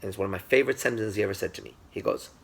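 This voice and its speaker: A man teaching through storytelling, animated and speaking straight to his listeners, with a gravelly, husky voice. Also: fairly low pitch, rapid-fire. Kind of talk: storytelling lecture.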